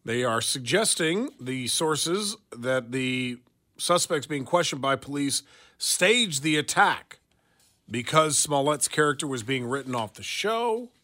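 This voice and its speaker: A man's voice: mid-range voice, expressive, measured pace, sharp tone. A man hosting a radio talk show, chatting casually and reading news aloud with wry asides.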